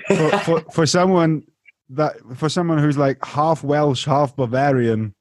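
A man's voice: on the high side, fairly even intonation, a little slow, darkish tone, a little hiss or hum. A man hosting a show, chatting casually and telling anecdotes with frequent restarts. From Germany, near Munich. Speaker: show host. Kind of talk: casual interview chat.

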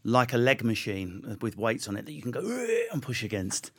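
A man being interviewed as a comedian guest, telling stories in a rapid, animated, self-deprecating way with frequent restarts. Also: lowish voice. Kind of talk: conversational interview storytelling.

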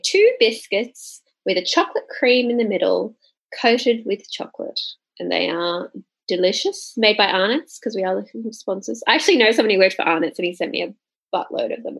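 A woman from Australia with an Australian accent, hosting a casual podcast chat in an animated, joking way. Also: medium pitch. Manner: animated, jokey, laughs often. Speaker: podcast host.

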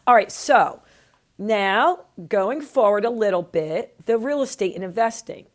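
A woman hosting an interview, eagerly jumping in with questions and quick reactions. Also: mid-range voice, expressive. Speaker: host. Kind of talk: casual interview chat.

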